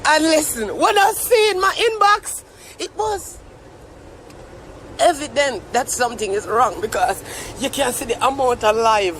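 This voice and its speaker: A man's voice: very high-pitched, expressive, a little slow, sharp tone, a little hiss or hum. A young Jamaican man ranting on a live stream, mock-tearful and theatrical. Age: young adult. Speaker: social media commentator.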